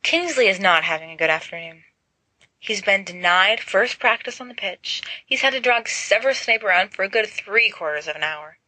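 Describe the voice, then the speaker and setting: Woman, audiobook narration, lively, bright tone, dry close recording. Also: medium pitch, normal speed, no room sound, low-quality recording. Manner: lively, puts on voices for each character. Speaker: reader.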